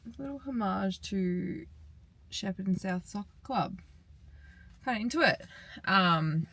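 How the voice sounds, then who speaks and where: Chatty Australian woman with gravelly fry. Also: mid-range voice, animated, measured pace, long pauses, fairly bright tone. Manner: chatty, rambling with many ums. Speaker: vlogger. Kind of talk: casual vlog chat. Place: in her car.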